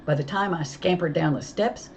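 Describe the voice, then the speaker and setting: A woman reading a children's novel aloud, telling it with lively storytelling. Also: lowish voice, moderate pace, vocal fry, a little hiss or hum, rough recording. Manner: lively storytelling, voicing characters. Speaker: audiobook reader.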